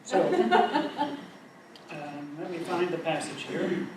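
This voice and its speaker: A man's voice: a little high, big pitch swings, extremely slow, noisy background. Echoey, distant man leading Bible study. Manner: conversational, self-deprecating, asks "right?". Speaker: Bible study group leader. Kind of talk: informal Bible teaching. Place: church meeting room. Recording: echoey room recorded from far off.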